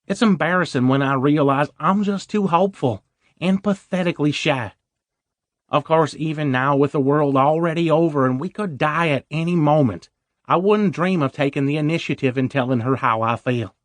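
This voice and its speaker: A man's voice: fairly high pitch, normal speed, no room sound. A man narrating a first-person audiobook story in a wry, self-deprecating way.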